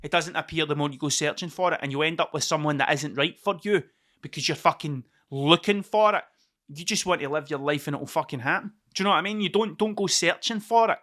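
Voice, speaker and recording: Sweary Scottish man, bright voice. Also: a little high, fast. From Scotland. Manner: rambling, sweary and digressive. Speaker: podcast host. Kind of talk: casual solo podcast monologue.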